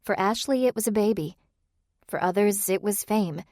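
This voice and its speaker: A mid-range female voice delivers scripted audiobook narration of a novel, measured and even. The recording is dry and studio-clean.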